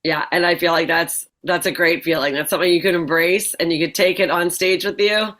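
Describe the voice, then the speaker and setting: Woman, forties, comedian guest, low-ish voice, laughs a lot, casual swearing. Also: steady tone, fairly quick, fairly bright tone. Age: 40s. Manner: chatty, laughing, swears freely. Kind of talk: casual interview chat.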